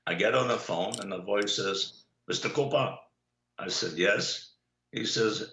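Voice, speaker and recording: An older man telling personal stories in an interview, unhurried and anecdotal, pausing often on "uh". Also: on the low side, sharp tone. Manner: unhurried anecdotal storyteller, many "uh" pauses. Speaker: guest, Holocaust survivor. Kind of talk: storytelling in an interview. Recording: echoey, dull lo-fi recording.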